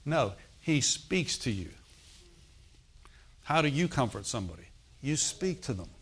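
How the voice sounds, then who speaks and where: A man preaching in a church, with a voice of middling pitch. He talks to the congregation with call-and-response asides and moves between loud emphasis and quiet, close tones. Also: big pitch swings, measured pace, breathy edge. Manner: swings from loud emphasis to soft intimate tones. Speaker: pastor. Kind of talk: sermon.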